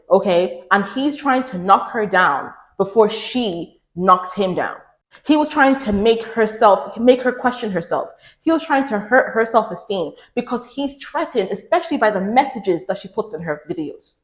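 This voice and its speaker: A woman giving relationship advice to the camera in an emphatic, preachy way, repeating lines for stress. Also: roomy sound. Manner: mimics others in raised pitch. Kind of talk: direct-to-camera advice talk.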